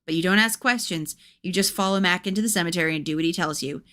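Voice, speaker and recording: Woman streamer, slightly low voice, reads aloud with chatty wry asides. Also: fast, a bit bright. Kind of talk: reading a gamebook aloud with commentary.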